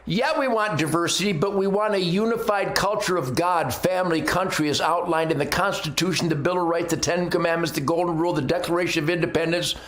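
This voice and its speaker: A man's voice: a little high, brisk, hardly any pauses, a bit bright. A man giving a brash, combative, boastful opinion rant as host of his own commentary segment. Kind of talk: ranting opinion monologue. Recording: roomy echo.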